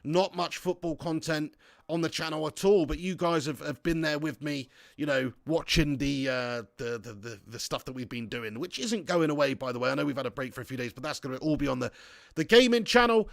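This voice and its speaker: A man's voice: on the high side, fairly quick, gravelly, no room sound, studio quality. A man hosting a casual football watch-along stream, rambling through jokey banter and laughing often as he reads out viewer chat. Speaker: livestream host reading viewer chat.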